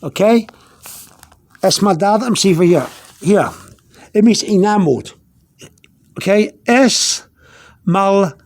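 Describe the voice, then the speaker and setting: A man's voice: sits high, expressive, unhurried, pauses often, a little mellow. A man giving an informal language lesson, pointing things out on a product label, often stopping, repeating words and checking in with "okay?". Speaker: language teacher.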